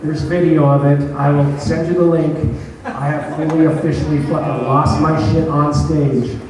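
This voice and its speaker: A man's voice: a little high, fairly even intonation, moderate pace, darkish tone. A stand-up comedian, a man, casually retelling a story from his own show, profane and self-mocking. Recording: echoey room, voice from a distance.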